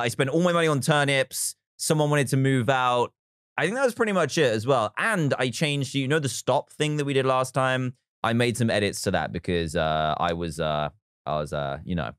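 A man's voice: mid-range voice, no room sound, clean studio sound. Chatty man hosting a game stream. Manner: chatty and playful, thanking viewers between bits of play. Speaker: livestream host. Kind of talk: casual live game-stream chat.

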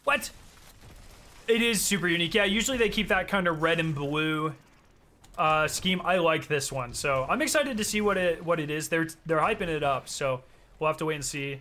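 A young male streamer chatting over his gameplay in a slightly high, bright, forceful voice. He is excitable, swears freely and breaks into sudden loud outbursts. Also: normal speed. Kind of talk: casual gameplay commentary.

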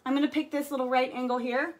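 A woman's voice: high-pitched, level tone, fast. A woman casually demonstrating furniture painting on a livestream, chatty and playful, often checking in with her viewers. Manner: playful made-up words. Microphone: phone or camera livestream.

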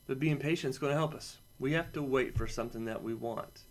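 Dad-type guy teaching kids a lesson, animated and jokey, mid-pitched voice. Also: fairly quick, few pauses. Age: adult, has a son. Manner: animated, playful, jokey asides. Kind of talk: casual lesson to children.

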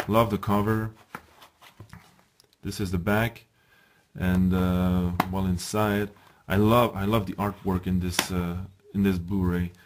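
A man giving a casual, enthusiastic unboxing review, chatting to viewers and pausing with ums as he handles the items. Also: sits low, background noise. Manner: enthusiastic, chatty, often addresses viewers as guys; hesitant, with ums and restarts while handling items. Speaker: video reviewer.

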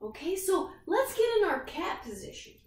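A woman's voice: very high voice, big pitch swings, normal speed, a little mellow, roomy sound, recorded from a distance. A woman leading a yoga class for young children, cheerful and sing-song, making animal sounds with them. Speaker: kids' yoga instructor. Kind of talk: guided kids' yoga class.

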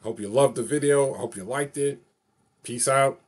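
Vlogger type, forties, from new york, mid-pitched man, rambles and repeats, upbeat, chants prayers. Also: normal speed, breathy edge. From New York City. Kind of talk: casual monologue vlog.

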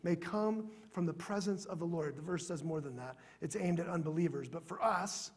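A man pastor preaching a sermon in a church, earnest, sometimes dropping to a soft, prayerful tone. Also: a little high, moderate pace, breathy edge.

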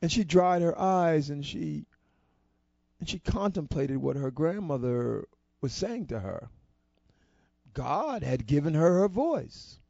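A man telling a motivational story to an audience, expressive and with deliberate pauses. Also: high voice, dry recording. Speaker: storyteller at a society program. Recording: dull lo-fi dry recording.

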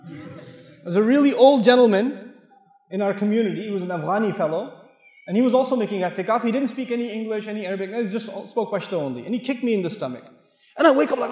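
A man's voice: high-pitched, a little fast. A man from Pakistan giving a mosque lecture, telling personal stories and acting out the dialogue while joking with his audience. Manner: animated storyteller who acts out dialogue and jokes with the crowd. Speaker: Islamic lecturer. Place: large mosque hall with audience. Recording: echoey hall with long reverb.

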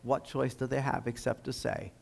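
A man giving a history lecture at a high school, telling the story in an earnest, emphatic way. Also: level tone, normal speed, creaky, rough recording. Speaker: guest lecturer.

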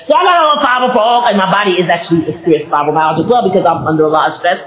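A man with a high, very lively voice talks through a casual faith-based monologue, rambling and laughing as he goes. He restarts sentences often. The recording is roomy and slightly dull. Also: racing. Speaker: vlogger.

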